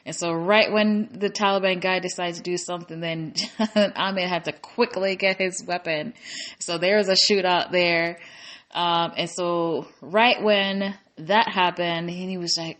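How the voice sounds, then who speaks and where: A woman's voice: lowish voice, fairly even intonation, moderate pace, a bit bright. A woman casually recapping a war movie's plot, chatty, with many fillers, restarts and emotional asides. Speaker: movie reviewer.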